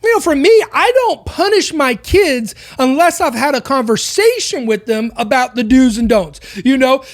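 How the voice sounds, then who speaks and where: A woman with a notably high voice hosts a podcast, ranting through an opinionated monologue. She talks with heat and keeps firing rhetorical questions. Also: animated, normal speed, hardly any pauses. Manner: impassioned, full of rhetorical questions. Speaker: podcast host.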